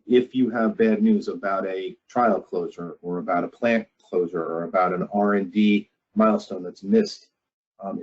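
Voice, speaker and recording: Deep, husky-voiced man giving a webinar. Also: highs cut off. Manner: measured, frequent "um" fillers, emphatic repetition. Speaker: webinar presenter on crisis communication. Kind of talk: unscripted webinar presentation.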